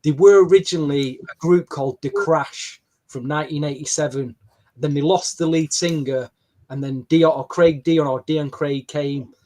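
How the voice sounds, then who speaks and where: A man, hosting a podcast and telling a story in an animated, chatty way. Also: a little high, normal speed. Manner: animated storytelling with quoted dialogue. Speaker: podcast host. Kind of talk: casual podcast chat.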